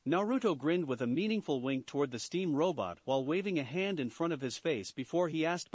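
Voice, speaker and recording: Guy reading fanfic out loud, kinda high voice, super lively, dry close sound. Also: a little fast, few pauses, dry recording. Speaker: story reader. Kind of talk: fan fiction reading.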